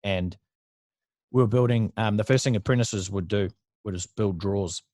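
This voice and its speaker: A man's voice: fairly low pitch, normal speed, darkish tone, no room sound, studio quality. A man in his thirties with an Australian accent, telling stories as a guest in a casual interview, blunt and chatty, swearing freely. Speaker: guest entrepreneur.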